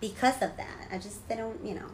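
A woman's voice: mid-range voice, darkish tone, a little hiss or hum, rough recording. A woman, in casual chat, full of likes and restarts. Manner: rapid, filler-heavy, with many likes and restarts.

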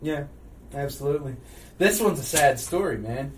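A man hosting a casual podcast, telling stories with frequent loud laughter. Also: on the high side, moderate pace. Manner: loud laughing, animated storytelling. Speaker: podcast host. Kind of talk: casual chat. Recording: distant mic, faint noise.

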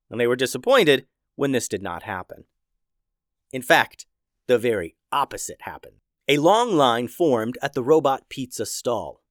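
Lively male children's storyteller. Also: medium pitch, no room sound, studio quality. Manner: lively, expressive reading. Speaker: storyteller host.

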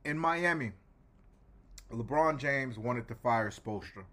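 A man co-hosting a basketball podcast, talking emphatically in a casual, animated way and pausing mid-thought. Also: mid-range voice.

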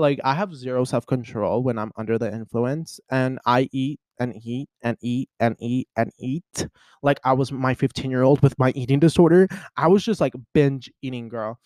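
Young guy vlogging, chatty and animated, lots of "like"s, mid voice, dry sound. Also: medium pitch, no echo. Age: young adult. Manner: chatty, animated storytelling with many fillers. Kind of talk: casual chat to camera.

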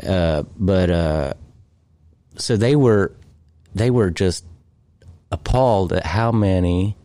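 A man in casual podcast chat, talking hesitantly with many pauses and restarts. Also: low-pitched, dark tone, dry recording.

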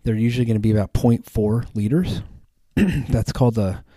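This man hosts a podcast, talking at normal speed in a medium-pitched voice with a dark tone and no room sound. His casual chat wanders, with plenty of ums and false starts.

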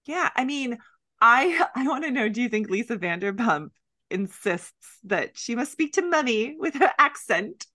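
A woman co-hosting a casual chat podcast, talking in an animated, wry way and laughing often. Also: fairly high pitch, unhurried, no echo, studio quality. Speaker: podcast co-host.

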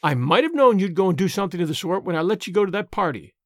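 Storybook spinster, sharp and no-nonsense, as a narrator puts her on; dry, close read. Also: sits high, sing-song, no echo. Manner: sharp, brisk, scolding. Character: sharp, sensible older spinster woman.

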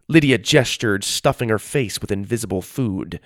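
A man reading a children's story aloud as narrator, in an expressive storytelling manner. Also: lowish voice, moderate pace, few pauses, no echo, clean studio sound.

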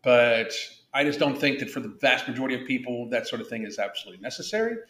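A man's voice: medium pitch, quick pace, fairly bright tone, echoey room. A man hosting a casual podcast, blunt and profane, rambling with frequent restarts. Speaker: podcast host.

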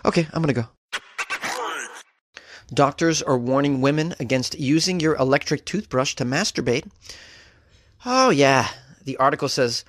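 A man's voice: medium pitch, expressive, normal speed, long pauses, no echo, clean studio sound. A man hosting a comedic news podcast, reading stories and riffing on them with wry jokes. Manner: wry, joking, riffs on stories. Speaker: podcast host.

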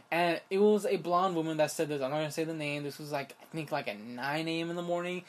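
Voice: medium pitch, fast talker. A young adult vlogger ranting in a casual, rambling way, exasperated and incredulous, with constant "like" fillers and restarts. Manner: rambling, heavy use of "like" fillers. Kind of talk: casual rant to camera.

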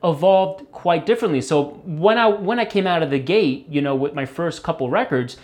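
A guitarist guest in a casual interview, this man speaks at a moderate pace in a slightly high voice. He rambles loosely, piling on fillers and letting the occasional curse slip.

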